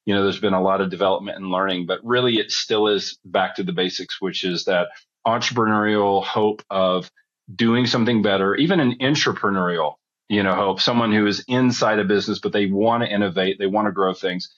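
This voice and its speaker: A man's voice: lowish voice, brisk, a bit bright, dull audio. A middle-aged man, a podcast guest, telling a story in a chatty, rambling way that often backtracks.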